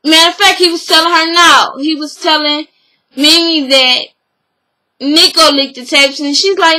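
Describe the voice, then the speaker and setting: A young woman giving a casual, animated recap of a reality TV episode, acting out what people said and laughing along. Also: sits high, a little slow, low-quality recording. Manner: animated, acts out quotes, laughs.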